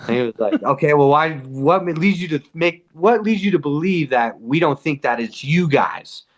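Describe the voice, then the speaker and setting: Man, podcast guest, casual storytelling, profane, animated, lots of "like". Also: on the high side, normal speed. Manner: animated, profane, heavy use of "like".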